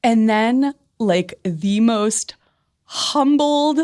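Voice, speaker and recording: A woman guest telling an animated personal story in a conversation, laughing often and filling her speech with "like.". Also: a little high, very slow. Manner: expressive, laughs often, many "like" fillers. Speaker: podcast guest, spiritual medium.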